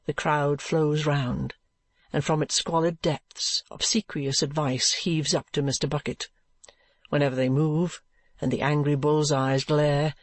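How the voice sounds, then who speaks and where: A man narrating a classic novel in an audiobook with measured storytelling. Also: a little high, dry recording.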